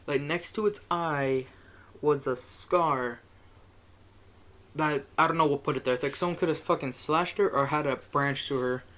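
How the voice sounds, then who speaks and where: A man's voice: a little high, moderate pace, fairly bright tone. A young man telling a rambling, profane story in a casual monologue, chuckling as he goes.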